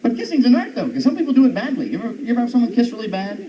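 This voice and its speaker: A man doing a stand-up comedy set on stage, animated and jumping into high silly voices for his bits. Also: racing. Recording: dull old recording from far off, noisy.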